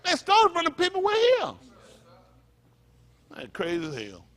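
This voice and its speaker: Pastor guy preaching hard, high voice, blunt and cussing, lots of call and response. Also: huge pitch swings, moderate pace, fairly bright tone. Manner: impassioned, blunt and profane, with call-and-response asides. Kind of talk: fiery sermon.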